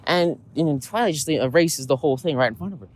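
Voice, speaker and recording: Rambling man with a slightly high voice. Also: quick pace. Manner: rambling, with many fillers and "right?" check-ins. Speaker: podcast host. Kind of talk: casual storytelling monologue.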